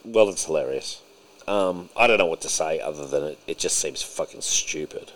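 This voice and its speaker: A man's voice: extremely low pitch, animated, moderate pace, a bit bright. A man co-hosting a casual podcast, ranting sarcastically and swearing freely. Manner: ranting, sarcastic, puts on mocking voices. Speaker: podcast co-host.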